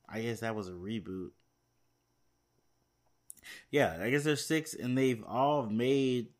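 A man chatting casually to his viewers, rambling and thinking aloud with many fillers and restarts, a little tired. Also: fairly low pitch. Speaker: movie news vlogger. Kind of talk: casual chat to camera.

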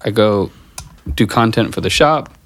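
A man with a New York accent chatting casually as a podcast guest, blunt and quick to swear, rattling off short lists. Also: lowish voice, lively intonation. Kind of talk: casual chat.

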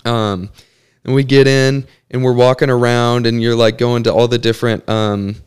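A man's voice: medium pitch, flat delivery, moderate pace, clear, resonant tone. A young man co-hosting a podcast, rambling through a story in casual chat. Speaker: podcast co-host.

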